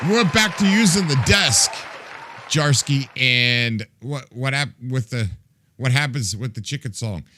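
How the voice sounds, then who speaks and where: A man's voice: mid-range voice, a bit bright, slight background noise. A man hosting a live stream in casual chat with viewers. He is playful, laughs often, makes silly sound effects with his mouth and plays at being fed up with the chat. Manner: mock-exasperated as he reacts to chat. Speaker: livestream host.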